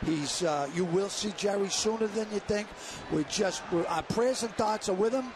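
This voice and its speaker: A man joking and rambling excitedly as a guest commentator during a baseball broadcast. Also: high-pitched, normal speed, background noise.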